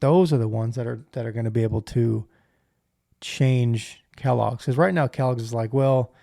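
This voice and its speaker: A man's voice: medium pitch, normal speed, gravelly, warm tone, no room sound, clean studio sound. A man co-hosting a podcast, giving emphatic opinions with stammering restarts. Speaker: podcast co-host. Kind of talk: casual chat.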